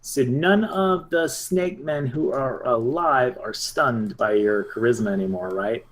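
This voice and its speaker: A man's voice: medium pitch, unhurried. A man running a tabletop game as game master, narrating loosely with lots of fillers. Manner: loose, laughing, with many fillers.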